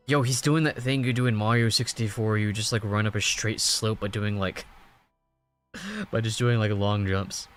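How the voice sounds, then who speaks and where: A man's voice: on the low side, normal speed, faint music behind. A man hosting a reaction video, reading a comic aloud and making jokey asides. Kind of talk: casual reading and commentary.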